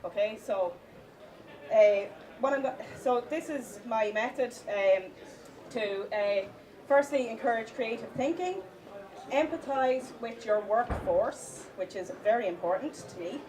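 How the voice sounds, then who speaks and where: A woman giving a live conference talk, with many fillers and restarts, stressing the points of a list slowly. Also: a little high, animated, a little mellow. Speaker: conference speaker. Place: conference hall with audience. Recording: distant mic, audience in hall.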